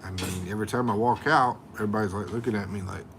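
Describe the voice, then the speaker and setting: A man's voice: lowish voice, fairly even intonation, fast, background noise. A middle-aged man, chatting casually on a livestream and reading viewer comments aloud with jokes. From USA. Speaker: livestream host.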